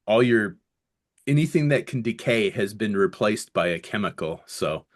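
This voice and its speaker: A man's voice: lowish voice, expressive, normal speed. A middle-aged man co-hosting a casual podcast chat, rambling and swearing easily as he talks. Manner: rambling, swears casually, jokes with put-on voices. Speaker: podcast co-host.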